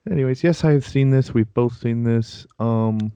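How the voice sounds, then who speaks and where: A man's voice: mid-range voice, moderate pace, dark tone, clean tone, no echo. A man co-hosting a casual anime chat, talking in a chatty, defensive way and laughing easily. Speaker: podcast co-host.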